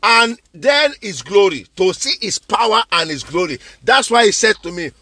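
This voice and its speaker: High-voiced fervent male preacher. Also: lively intonation, normal speed, hardly any pauses, bright, forceful tone, breathy edge, no room sound. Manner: fervent, repeats phrases for emphasis; addresses listeners directly with questions. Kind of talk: sermon.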